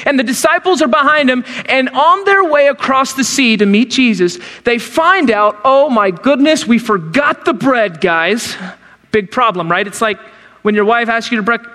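Middle-aged male pastor, very high voice, lively storyteller who acts out the scenes, long reverb. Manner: animated storytelling, acts out quotes in character voices. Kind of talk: sermon.

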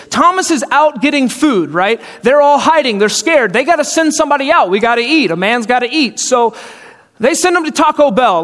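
A man's voice: extremely high pitch, a bit bright. A man preaching a sermon in a conversational way, asking rhetorical questions and acting out the people in his story. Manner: conversational, acts out quoted voices, rhetorical questions. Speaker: pastor. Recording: hall reverb.

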